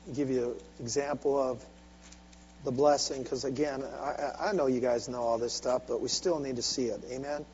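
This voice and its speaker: A man preaching a sermon with call-and-response, swinging from soft, intimate asides to loud, driving exhortation. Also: medium pitch, steady tone, moderate pace. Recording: dull lo-fi recording with faint hum.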